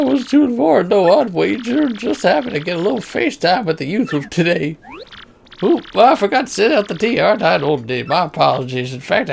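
A man's voice: high-pitched, gravelly, a little hiss or hum, pitched above the performer's own voice. A man voicing a forgetful, rambling old male turtle-creature in a video game. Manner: rambling, loses his train of thought.

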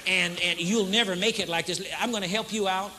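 Preacher playing an earnest, helpful male friend in a sermon anecdote, high and bright. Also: fairly even intonation, fairly quick, a little hiss or hum. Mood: concerned. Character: concerned helpful male friend, a fellow driver.

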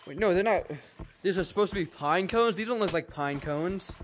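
Excitable high-voiced young man gaming. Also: moderate pace, a little hiss or hum. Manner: excitable, repeats phrases, exclaims often. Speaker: gaming video creator. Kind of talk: casual gameplay chat.

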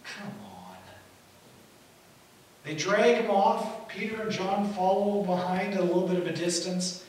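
A man preaching a sermon as pastor, telling the story in an animated way and acting out the quotes. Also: sits high, moderate pace. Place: church hall. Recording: echoey hall from far off, faint hiss.

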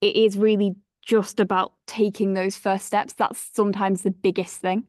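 A woman's voice: mid-range voice, level tone, moderate pace, a little mellow, no room sound. A woman hosting a podcast, with a mid-range voice in a dry, close recording. She talks in an effusive, encouraging way and heaps praise on her guest. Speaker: podcast host. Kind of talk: casual interview.

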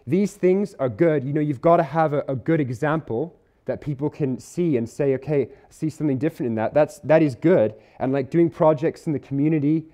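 Earnest man preaching, mellow voice. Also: medium pitch. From Isle of Man or UK. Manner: earnest, conversational, slows to stress key words. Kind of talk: sermon. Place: church hall.

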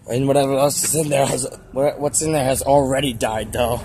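A man's voice: medium pitch, fairly even intonation, moderate pace, few pauses. A teenage boy vlogging on his phone as he walks outside, rambling in a goofy, self-mocking way with random asides. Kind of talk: rambling walk-and-talk vlog. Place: outdoors, streets and an alley. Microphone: handheld phone. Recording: phone audio with traffic noise.

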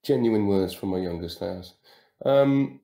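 A man's voice: on the low side, a little slow, creaky, dark tone. Middle-aged male actor, casual fan Q&A over video call, meandering and self-mocking, slightly roomy sound. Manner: rambling, hesitant, full of ums and self-deprecating asides. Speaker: actor answering fan questions. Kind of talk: casual virtual Q&A.

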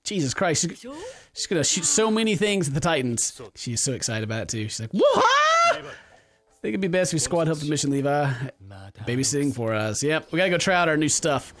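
A young man commentating his gameplay, goofy and excitable, talking back to the characters on screen. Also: on the high side, fast talker, faint music behind. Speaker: gaming video host. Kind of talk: game commentary.

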